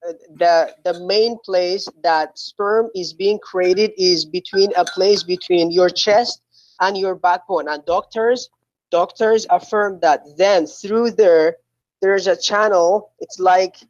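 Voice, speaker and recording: A male caller in a heated call-in debate, speaking haltingly and repeating himself as he tries to get a word in. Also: high-pitched, fairly even intonation, no room sound. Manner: halting, repeats "okay" and "listen" while trying to get a word in. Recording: dull lo-fi call line.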